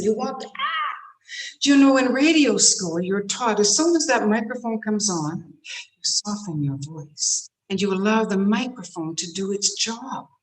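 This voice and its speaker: Expressive woman giving a motivational talk. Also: a little high, rough recording. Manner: expressive, shifts between soft and forceful; demonstrates tense and relaxed voices. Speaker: guest speaker. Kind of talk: motivational speech. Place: meeting room.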